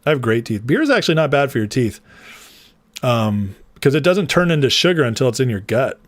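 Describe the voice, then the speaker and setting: A man's voice: mid-range voice, big pitch swings, brisk, no echo. A man hosting a casual political commentary livestream, chatty and rambling, laughing often as he talks to his viewers.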